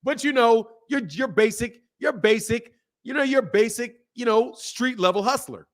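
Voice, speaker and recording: A man hosting a boxing channel, talking casually to his camera in animated, slangy commentary with frequent laughter. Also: very high-pitched, normal speed, few pauses. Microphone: camera mic.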